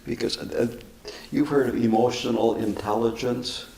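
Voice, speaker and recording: An older man, a Buddhist teacher, answering questions with unhurried, chuckling stories. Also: medium pitch, steady tone, gravelly, a little mellow. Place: meditation center hall. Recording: echoey room, faint noise.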